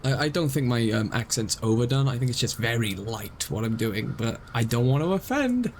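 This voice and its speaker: A man's voice: mid-range voice, very animated, normal speed, a little hiss or hum, low-quality recording. A young man streaming a game live, rambling and explaining himself self-consciously as he talks.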